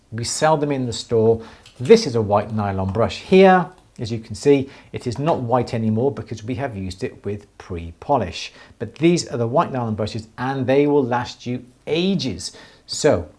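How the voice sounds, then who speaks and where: A man's voice: mid-range voice, darkish tone. A man hosting a live jewellery Q&A, explaining techniques enthusiastically and with many restarts. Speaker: jewellery teacher, show host. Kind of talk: live Q&A stream.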